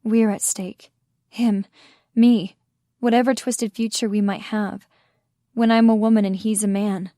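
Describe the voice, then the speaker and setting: A woman tells a first-person story in a measured, intimate reading voice. Her pitch sits in the middle of the range. The recording is dry and close, with no room echo. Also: level tone, warm tone. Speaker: audiobook narrator. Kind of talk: first-person audiobook narration.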